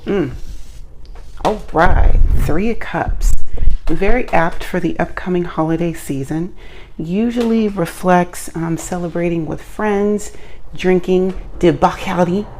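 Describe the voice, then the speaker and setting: A woman's voice: on the low side, slow pace, a little mellow, slight background noise. A woman hosting her own channel, giving a casual tarot reading in a playful, chatty way with self-joking asides. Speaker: tarot reader and channel host.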